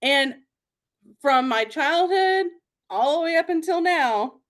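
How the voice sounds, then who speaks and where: Chatty, giggly woman podcast host, slightly high. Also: expressive, takes it slowly. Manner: chatty, rambling, frequent filler words and giggles. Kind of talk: casual chat.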